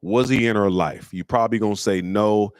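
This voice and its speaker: A middle-aged man from Michigan hosting a comedy call-in show. He tells stories in casual slang, acts out the people he quotes in a higher voice, and turns blunt and preachy. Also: quick pace, no echo, clean studio sound. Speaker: comedian host answering listener questions. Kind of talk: casual storytelling chat.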